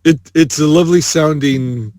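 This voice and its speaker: A man's voice: on the high side, moderate pace, darkish tone. A man co-hosting a podcast in casual chat, stumbling over repeated words as he jokes. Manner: hesitant, repeats words while joking. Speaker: podcast co-host.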